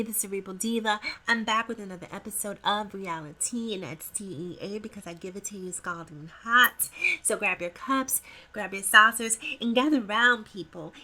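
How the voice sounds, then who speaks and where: A woman's voice: mid-range voice, pushed and bright. A woman hosting a casual gossip commentary vlog, playful and talking straight to her viewers.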